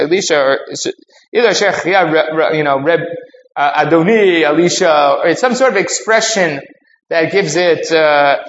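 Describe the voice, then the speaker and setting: A man's voice: fairly high pitch, fairly bright tone. A man giving a Talmud class, explaining step by step, mixing in Hebrew and Aramaic terms and often asking "right?". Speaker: rabbi teaching Talmud. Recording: roomy, dull audio with faint ambient noise.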